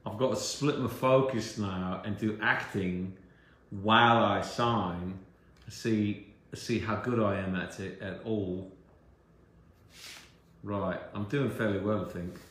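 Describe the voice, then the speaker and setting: A middle-aged American man chatting casually while signing autographs, relaxed and rambling with many fillers. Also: lowish voice, slow pace. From United States. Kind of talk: casual chat during a live autograph stream. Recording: very echoey room, faint background hum.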